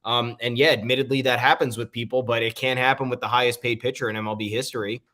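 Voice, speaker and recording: An opinionated man co-hosting a casual sports podcast, talking in a mid-pitched voice. He rambles through his points with frequent "um" fillers. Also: fairly even intonation, fast talker, bright, forceful tone. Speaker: podcast co-host.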